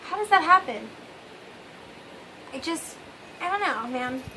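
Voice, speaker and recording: A woman with a high, sharply bright voice talks through a casual confessional vlog. She rambles and speaks candidly to her viewers, trailing off and undercutting herself with wry asides. A faint room hum sits behind her. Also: lively intonation, unhurried, rough recording. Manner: rambling and candid, often trailing off with "I don't know"; wry, with self-mocking asides. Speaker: vlog host.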